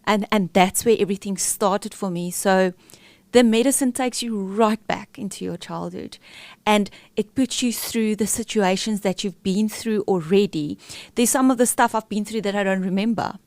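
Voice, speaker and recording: A woman's voice: medium pitch, moderate pace, a little mellow, no echo. A middle-aged woman, a podcast guest, telling a candid, emotional personal story with many fillers and restarts.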